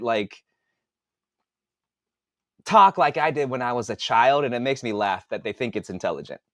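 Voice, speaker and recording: Forties guy host, rambly and profane, dry close sound, mid pitch. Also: no echo. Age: 40s. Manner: rambling, profane, thinks aloud with restarts. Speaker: author and podcast host. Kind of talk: casual livestream chat.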